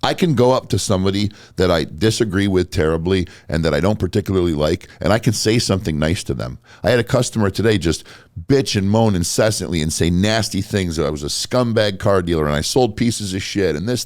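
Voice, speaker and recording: A man with a very low voice hosts a podcast and tells stories bluntly, swearing freely. His nose is a little stuffy. The sound is dry and close to the mic. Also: fairly quick, no room sound. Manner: blunt, profane storytelling. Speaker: podcast host. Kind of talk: casual podcast chat.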